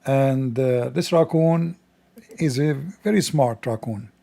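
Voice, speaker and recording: Mocking man with a rough, strained voice. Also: medium pitch, slow, mellow. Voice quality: non-native English with broken grammar. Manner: mocking, insulting, sarcastic. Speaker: host. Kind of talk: scornful commentary.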